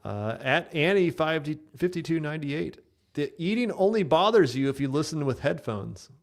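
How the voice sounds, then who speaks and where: A man's voice: fairly high pitch, lively intonation, moderate pace. A man hosting a podcast, reading viewer comments aloud in casual chat and laughing along. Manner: laughing, teasing. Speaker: podcast host.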